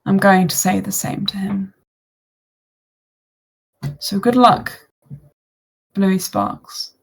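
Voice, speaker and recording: A woman's voice: mid-range voice, steady tone, extremely slow, vocal fry, slightly rough, full character voice. A woman voicing an aloof, cryptic being bound to a house, speaking in a curt, solemn way.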